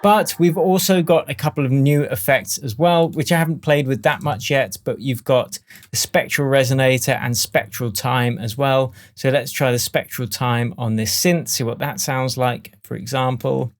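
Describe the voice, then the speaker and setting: Speaking at a normal speed in a mid-range voice, the man walks through the music software in his screen-recorded tutorial. He explains in a relaxed, chatty way with fillers as demo music plays faintly behind him.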